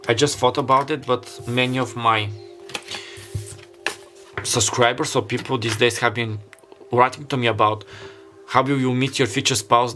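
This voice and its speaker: A man giving a pick-a-card tarot reading, rambling and earnest, often stopping to restart and leaning on "like" as he talks. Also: medium pitch. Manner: rambling, stops and restarts, heavy use of "like"; earnest and openly emotional.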